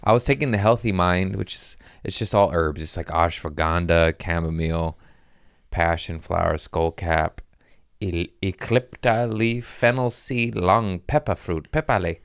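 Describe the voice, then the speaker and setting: Male comic podcast host, deep and clean-toned, rambling and goofy, dry studio sound. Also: steady tone, a little slow, clear, resonant tone, dry recording. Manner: rambling, self-mocking, playful voice shifts. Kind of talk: casual comedic monologue.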